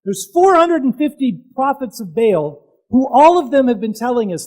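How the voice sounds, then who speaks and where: Very high-voiced man preaching a lively sermon. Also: poor audio. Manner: animated storytelling with dramatic pauses and loud peaks; casual and conversational, with asides to the audience.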